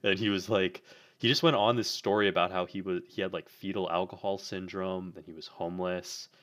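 A man's voice: sits low, steady tone, brisk, fairly bright tone. A young man co-hosting a podcast, telling a story in a rambling, filler-heavy way. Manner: rambling, many fillers, laughs often. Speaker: podcast co-host. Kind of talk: casual storytelling chat.

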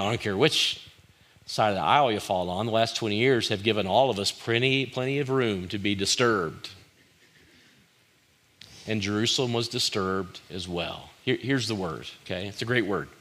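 A man's voice: medium pitch, bright, forceful tone. A middle-aged male pastor preaching a conversational sermon, firing rhetorical questions at the congregation and acting out quoted lines.

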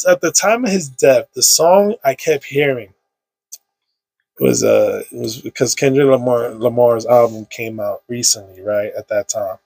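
Gravelly man telling a loose story. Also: medium pitch, a little slow, a little mellow, no echo. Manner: loose, emotional storytelling with slang and fillers. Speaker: podcast guest. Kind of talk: casual conversation. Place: indoor recording room.

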